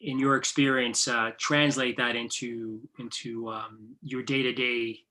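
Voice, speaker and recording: A man's voice: medium pitch, level tone, unhurried, bright, forceful tone. A man, a student in an online class, asking a question hesitantly. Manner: hesitant, many fillers and restarts while asking a question.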